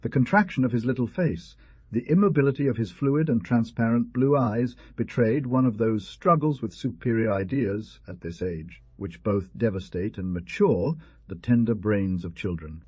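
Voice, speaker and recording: A man narrating a storybook audiobook in a measured, even reading. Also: mid-range voice, breathy edge, dry recording. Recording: dull, dry lo-fi recording.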